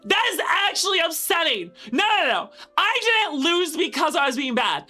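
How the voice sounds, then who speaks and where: A young adult woman streaming a video game, talking to her chat with loud exasperated outbursts and swearing. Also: extremely high pitch. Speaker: VTuber streamer. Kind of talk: gaming livestream commentary.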